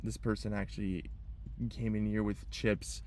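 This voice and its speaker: A man's voice: fairly low pitch, level tone, unhurried, darkish tone, a little hiss or hum. A young man talking to camera from inside his car in a rambling personal vlog, repeating himself and holding back tears. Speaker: vlogger.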